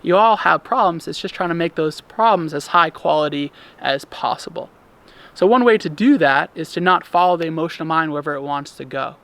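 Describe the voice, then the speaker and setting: A man speaking at a slightly raised pitch, delivering a daily lesson to his listeners. His voice has a bright, forward ring, and he explains each point calmly, stopping now and then for a filler. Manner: calm, explanatory, with occasional fillers. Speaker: instructor.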